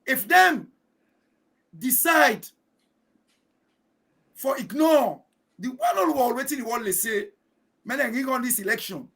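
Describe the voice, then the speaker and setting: A Sierra Leonean man speaks as a guest commentator in emphatic, oratorical Krio-English. His voice sits very high for a man and has a gravelly fry. He leans on proverbs to make his points. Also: expressive, a little slow, long pauses, a bit bright. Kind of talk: political discussion show.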